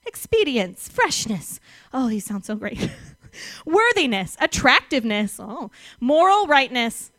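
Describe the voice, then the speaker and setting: A woman giving a sermon, animated and emphatic, often laughing between phrases. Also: high-pitched, dry recording. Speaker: speaker.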